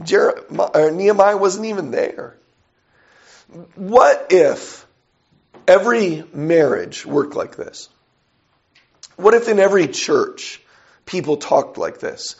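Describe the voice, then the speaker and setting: A man's voice: a little high, expressive, unhurried, darkish tone. A man preaching a sermon, reading scripture aloud and putting questions to his listeners. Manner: asks the audience questions and reads scripture aloud. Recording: dull lo-fi recording.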